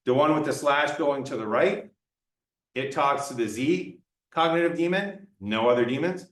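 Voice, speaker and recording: A man's voice: on the high side, normal speed, fairly bright tone. A man giving a classroom lecture in a playful way, acting out examples for students. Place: lecture room. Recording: roomy lecture room, mic far off.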